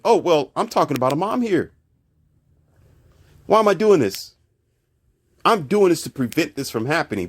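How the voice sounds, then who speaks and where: Man, husky voice, lively swooping pitch, sarcastic ranting commentary. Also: moderate pace, long pauses. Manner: sarcastic, emphatic, repeats himself. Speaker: commentary channel host.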